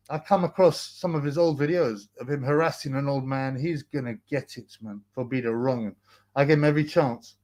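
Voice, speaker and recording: A young man from the United Kingdom hosts a casual livestream in a medium-pitched, slightly mellow voice. He rambles in slang, mocks a rival and reads viewer comments out loud.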